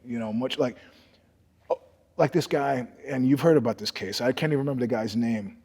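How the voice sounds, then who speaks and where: An older man with a husky, slightly breathy voice tells profane stories in a casual interview. He swings between loud, animated bursts and low, hushed asides. The room carries a long reverb behind him. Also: fairly quick. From New York. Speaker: guest storyteller.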